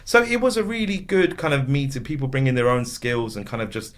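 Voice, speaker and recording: Man, casual interview guest, lively storyteller, slips into funny voices. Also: medium pitch, a little fast. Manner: animated storytelling with voiced impressions. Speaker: comedy actor and writer, guest.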